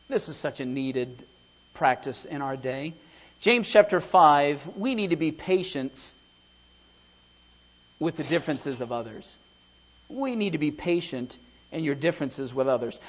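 A man preaching a sermon who is also a school principal, telling a story earnestly and joking lightly. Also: a little high. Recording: dull lo-fi recording.

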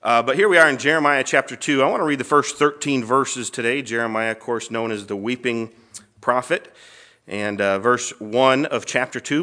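A middle-aged male pastor reading scripture in a measured cadence, then preaching with emotion in a church room. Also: medium pitch, sharp tone. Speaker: pastor teaching a church class.

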